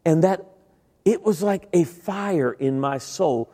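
A middle-aged man delivers a sermon built around his personal testimony. His voice sits a little high for a man. He speaks conversationally and addresses his listeners directly, and a long reverb from a large hall trails after his words. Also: lively intonation, takes it slowly, dark tone. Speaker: preacher.

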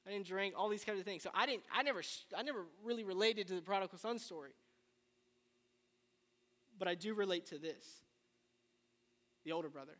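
A man preaching a sermon, retelling the story in a casual, animated way with slang. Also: high-pitched, a little fast, long pauses. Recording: long reverb of a large hall.

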